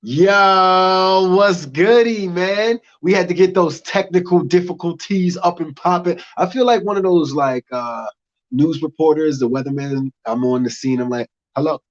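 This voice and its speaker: A young American man doing a stand-up comedy set, talking in loud animated bursts that drop into muttered asides. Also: fairly high pitch, normal speed, highs cut off. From United States.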